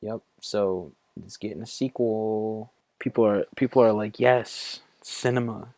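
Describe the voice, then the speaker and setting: A man's voice: on the low side, steady tone, unhurried, dark tone, dry recording. A man co-hosting a casual podcast chat, teasing his co-host, laughing and reeling off facts.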